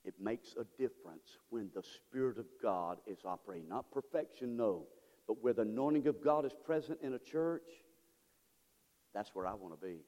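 A man preaching a sermon as pastor, moving from quiet, halting asides to loud, drawn-out exhortation. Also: on the low side, lively intonation, in a large hall, muffled recording. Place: church sanctuary.

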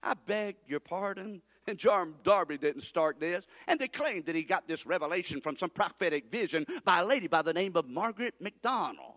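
A man's voice: high-pitched, expressive, moderate pace, hardly any pauses, fairly bright tone. A male pastor preaching an emphatic sermon and having the congregation repeat phrases after him. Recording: long hall reverb.

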